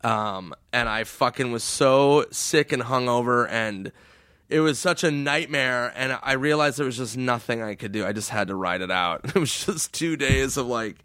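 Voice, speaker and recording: A man in casual podcast chat, telling road stories with frequent laughs and swearing, jumping into a high goofy voice for quoted people. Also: moderate pace, sharp tone, smooth, dry recording, studio quality. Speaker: podcast guest.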